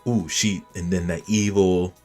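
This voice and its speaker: A man casually recapping an anime episode, animated and reacting as he retells the scenes. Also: low voice, measured pace, soft background music. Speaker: anime reviewer.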